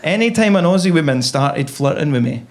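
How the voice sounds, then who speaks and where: Chatty comic with a high voice. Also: male voice, expressive, a little fast. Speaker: stand-up comedian. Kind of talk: stand-up comedy routine. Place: comedy club stage. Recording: very noisy live stand-up recording.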